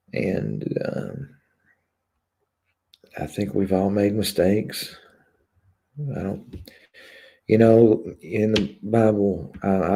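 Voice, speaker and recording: A man hosts a live stream and chats with viewers in a slow, halting way, full of pauses and fillers. His voice is deep, dark and gravelly. He speaks frankly and personally. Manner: hesitant, many pauses and filler words; candid and confessional. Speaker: YouTube channel host. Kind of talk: live stream chat, reading viewer comments.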